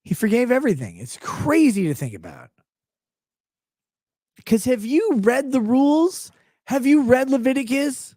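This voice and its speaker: A man's voice: very high-pitched, a little slow, pauses often, no echo. A man hosting a livestream, talking through a casual, irreverent monologue in a profane, mocking way. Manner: profane, mocking, animated riffing. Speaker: livestream host.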